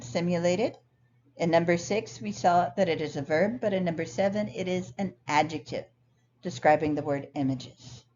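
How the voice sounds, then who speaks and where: A woman's voice: fairly low pitch, a little mellow. Woman teaching a recorded lesson, lo-fi. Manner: clear, patient explaining. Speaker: ESL instructor. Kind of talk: recorded lecture over slides. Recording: dull lo-fi sound, faint noise.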